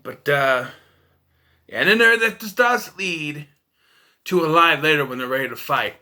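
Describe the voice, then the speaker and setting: A man's voice: fairly high pitch, expressive, moderate pace, pushed and bright. A man casually ranting about a film as a reviewer, profane and sarcastic. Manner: ranting, profane, jumps into mocking voices.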